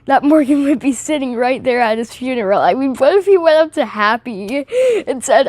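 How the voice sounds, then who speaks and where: A woman's voice: sits high, lively intonation, normal speed, a little mellow, no room sound. A teenage girl rambling and giggling through a casual movie review vlog, often drifting off topic.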